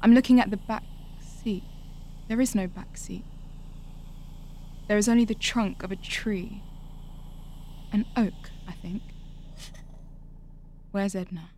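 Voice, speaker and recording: This is a slow, unhurried narrator in an audio drama, a woman voicing a young woman recalling her family. Her pitch sits mid-range and she talks quietly and reflectively, letting each thought settle before the next. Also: slight background noise, lightly acted. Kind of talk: scripted first-person audio drama narration.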